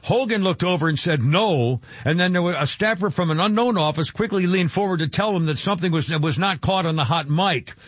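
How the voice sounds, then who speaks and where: Man, talk radio host, high voice, dry and dull studio sound. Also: brisk, hardly any pauses, no echo. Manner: opinionated, rambling, many fillers.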